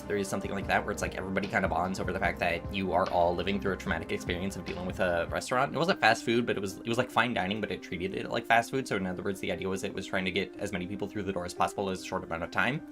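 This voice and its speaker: Low-voiced young male streamer, rambling. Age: 20s. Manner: rambling storytelling with frequent restarts. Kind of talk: casual chat while gaming.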